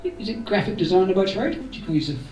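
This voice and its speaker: A man's voice: high voice, big pitch swings, very fast, a little mellow. A man gives an informal thank-you speech to a gathering, rambling a little with jokey asides. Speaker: event organiser giving thanks. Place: indoor community room. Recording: roomy hall, voice from far off.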